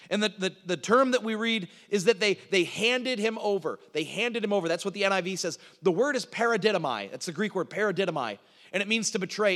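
High-voiced preacher in a reverberant hall. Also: male voice, fairly bright tone. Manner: emphatic repetition, frequent stuttered restarts. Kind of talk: expository sermon.

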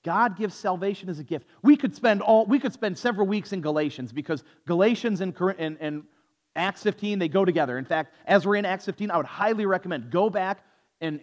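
A male pastor preaching a sermon in a conversational, storytelling manner with a sarcastic edge. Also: high voice.

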